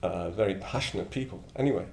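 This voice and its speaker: This low-pitched Middlesbrough man in his seventies talks quickly, with vocal fry and a slightly mellow quality. A member of a Buddhist order, he chuckles his way through blunt, digressive reflections and anecdotes, and the echoey room carries faint ambient sound.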